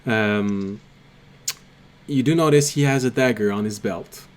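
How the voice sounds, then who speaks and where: A man's voice: on the low side, measured pace. A man narrating a tabletop game as game master, hesitant with many ums and uhs.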